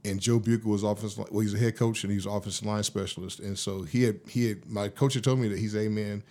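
A man in his fifties with a fairly low voice tells stories from his playing days in a loose, slangy, often profane way. He talks casually as an interview guest and gets animated as he retells events. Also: quick pace. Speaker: guest, former pro football lineman.

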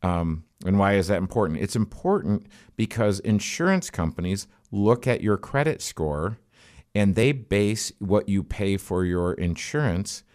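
Low-voiced man explaining finances earnestly. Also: very animated, measured pace, a little mellow. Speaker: financial planner and co-host. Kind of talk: casual finance talk show explanation.

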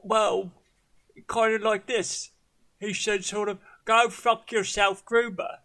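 A man's voice: high voice, level tone, slow, sharp tone, voice pushed up, full character voice. A man voicing a timid, deferential male manservant who hesitates and keeps saying sir. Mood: sheepish. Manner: meek, hesitant, says sir constantly.

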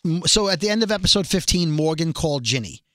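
A man's voice: on the high side, fast talker, dry recording, studio quality. A man co-hosting a podcast, chatting casually and rambling as he recaps a TV episode. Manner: rambling, animated, self-deprecating nerd talk. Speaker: podcast co-host.

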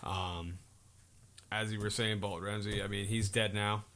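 Lowish-voiced guy on a podcast, laid back, lots of ums. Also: level tone, a little slow, a bit bright. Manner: laid-back, filler-heavy recapping. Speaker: co-host. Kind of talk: casual podcast chat.

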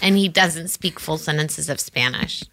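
A woman's voice: deep voice, moderate pace, sharp tone. A woman playing a blunt, nervous cruise guest in an improv comedy scene. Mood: wary. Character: anxious female cruise guest, blunt and jittery.

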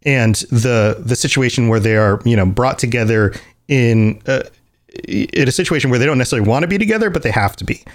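Animated man retelling a game plot. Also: medium pitch, a little fast. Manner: animated storyteller who acts out quoted lines. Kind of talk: casual chat about a video game.

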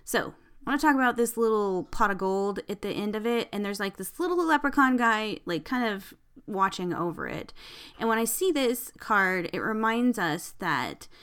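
A young woman hosts her podcast in a relaxed, chatty way. She giggles, leans on fillers, and swears casually while poking fun at herself. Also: medium pitch, moderate pace, smooth. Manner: swears casually, self-mocking. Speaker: podcast host. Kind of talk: casual chat, tarot card pull.

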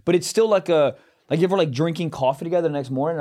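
A man's voice: fairly high pitch, fast talker, dark tone. A man co-hosting a comedy podcast, laid-back and laughing, trailing into mumbles as he tells stories. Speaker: podcast co-host. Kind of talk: casual comedic chat.

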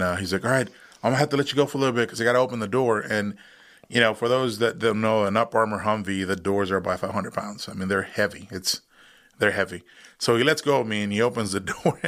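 Low-voiced man telling a vivid story. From United States. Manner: animated retelling, acts out quoted voices. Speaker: podcast guest, veteran. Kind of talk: casual storytelling.

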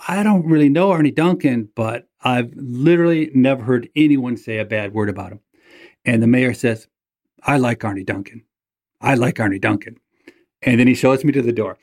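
Man, interview host, lively storytelling delivery with mid-range pitch, acts out quotes. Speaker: podcast host.

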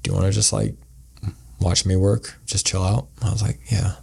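A man's voice: sits low, little pitch movement, normal speed, vocal fry, darkish tone, husky. A man, a podcast guest, telling a story in a casual, rambling way and acting out the quoted lines. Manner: rambling, acts out quoted dialogue.

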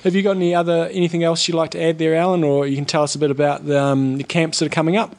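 A man hosting a podcast, chatting casually with a brisk, upbeat manner and reading sponsor spots. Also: a little high, flat delivery, gravelly, darkish tone. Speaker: podcast host. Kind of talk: casual chat and ad reads.

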